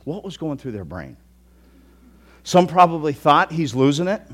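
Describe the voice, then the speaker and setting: A man delivers a church sermon, his voice sitting a little high and leaping around with lively, animated pitch. He acts out the thoughts of the people in the story and swings between loud proclamations and near-whispered asides. He tells the story the way a preacher does. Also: normal speed, husky. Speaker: pastor.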